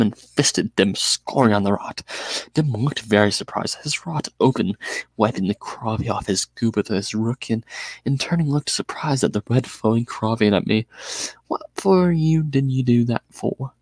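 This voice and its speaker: A man reading a novel aloud in the first person, in a measured, dramatic way. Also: fairly low pitch, a little mellow, no echo. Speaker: audiobook reader.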